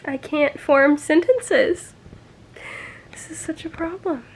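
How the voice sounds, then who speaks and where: A woman's voice: high voice, takes it slowly, a little hiss or hum. A young woman talking casually as a book vlogger, emotional, with frequent sighs and fillers. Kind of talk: casual reading vlog reactions.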